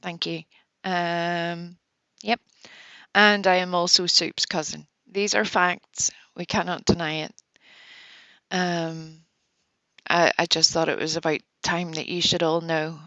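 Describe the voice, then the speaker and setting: Woman streamer, unhurried giggly ramble, dry close sound. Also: lowish voice, little pitch movement, sharp tone, dry recording. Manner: rambling, giggly, many fillers. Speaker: livestream host. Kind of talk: casual livestream chat. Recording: dull lo-fi stream audio, dry.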